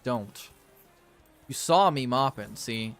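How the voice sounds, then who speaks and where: A man's voice: mid-range voice, animated, slow, faint music behind. A man playing a game and commenting as he goes, theatrical and exasperated as he scolds the characters. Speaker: gaming video creator.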